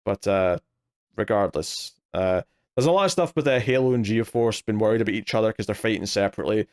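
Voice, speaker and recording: A man's voice: fairly low pitch, a little fast, a little mellow. Man recapping comics in casual chat. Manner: rambling, hesitant, lots of fillers and restarts. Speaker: podcast co-host. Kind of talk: casual comic book discussion.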